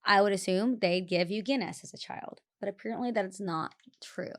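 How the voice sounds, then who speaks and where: A woman co-hosting a podcast, chatting casually, rambling and laughing easily. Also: mid-range voice. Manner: giggly, rambling, quick to laugh. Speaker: podcast co-host. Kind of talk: casual chat. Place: living in West Hollywood.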